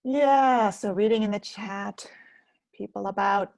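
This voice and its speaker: A woman hosting a live webinar on self-care who talks gently and unhurriedly, reads out comments from the chat, and often drops to a soft near-whisper. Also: medium pitch, slow pace, vocal fry, no room sound.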